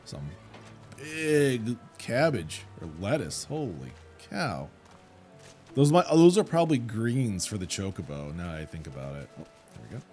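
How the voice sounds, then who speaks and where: A man hosting a let's play who comments in a relaxed way and thinks aloud as he goes. His voice is low, and his pitch moves in a lively way. Faint game music sits in the background. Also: normal speed. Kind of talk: casual gameplay commentary.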